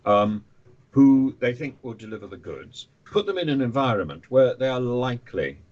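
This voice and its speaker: A man talking as a podcast guest, animated, often stammering and restarting his sentences. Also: medium pitch, moderate pace, muffled recording. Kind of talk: conversational podcast interview.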